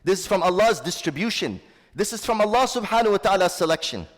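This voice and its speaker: A man with a high voice preaches a sermon, reciting Arabic and then translating it line by line. He often calls his listeners brothers and sisters. His voice rings with the long reverb of a big hall. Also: expressive, fast talker. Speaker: Islamic teacher.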